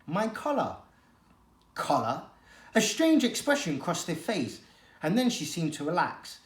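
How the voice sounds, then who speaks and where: A teacher reading a children's novel aloud, with an expressive, dramatic storytelling manner. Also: medium pitch, moderate pace. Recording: echoey room.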